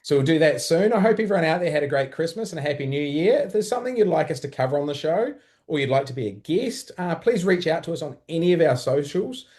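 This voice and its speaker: A man hosting a podcast, explaining things plainly in a relaxed casual chat. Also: a little high, quick pace. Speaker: podcast host.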